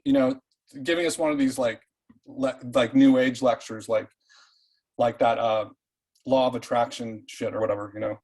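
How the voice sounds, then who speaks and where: A man in an online reading group telling a true story in a casual, animated way, swearing freely and often restarting his sentences. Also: medium pitch, moderate pace, vocal fry, poor audio. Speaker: participant.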